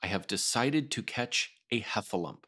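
A man reading a storybook aloud and voicing a gentle, slow-witted male teddy bear with a solemn, ponderous manner. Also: on the low side, expressive, breathy edge, full character voice.

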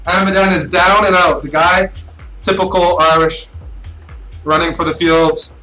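A man from Canada calls online chess games live with loud, cheering play-by-play and repeated catchphrases. His voice is bright and forceful and sits slightly high. Faint music plays underneath. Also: steady tone, measured pace, rough recording. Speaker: live-stream chess commentator. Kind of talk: excited play-by-play commentary.

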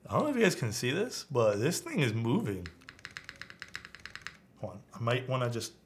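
A man building a keyboard live on stream, chatting casually, thinking aloud and answering his chat. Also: mid-range voice.

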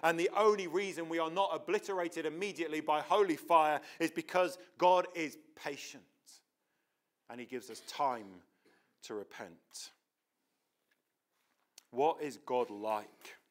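A man's voice: fairly high pitch, moderate pace, fairly bright tone. A man preaching a sermon in a church, earnest and emphatic, often restarting his words.

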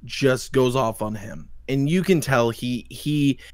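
A man's voice: mid-range voice, takes it slowly, no echo, clean studio sound. A man hosting a livestream talk show, ranting angrily and cursing as he retells an online drama. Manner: profane, ranting, quotes people in mocking voices. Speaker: podcast host. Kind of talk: heated livestream commentary.

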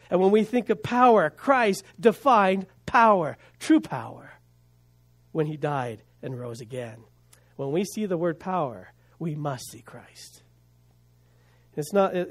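A male pastor preaching a sermon, building emphasis with rhetorical questions and dropping to quiet asides. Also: high-pitched.

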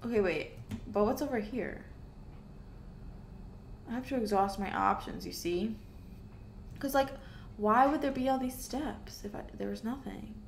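A woman's voice: a little high, a little slow, vocal fry, pauses often, a little hiss or hum. A woman hosting a gaming video, chatting to herself and exclaiming as she plays. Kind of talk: casual let's-play commentary.

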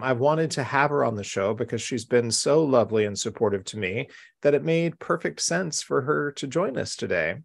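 A man's voice: mid-range voice, gravelly. A man hosting a live-streamed craft show from home, chatty, upbeat and welcoming. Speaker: host.

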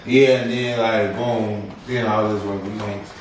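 A man's voice: on the low side, fairly even intonation, measured pace, distant mic. Joking young man in an echoey room. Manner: joking, teasing, loose slang. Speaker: food review co-host. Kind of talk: casual food review banter.

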